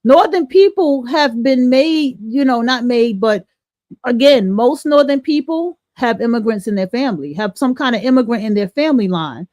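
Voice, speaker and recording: A woman's voice: fairly high pitch, lively intonation, normal speed, darkish tone, no room sound. Woman host explaining in a dry voice. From northern United States. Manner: conversational, explaining with many restarts. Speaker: podcast host. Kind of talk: livestream commentary.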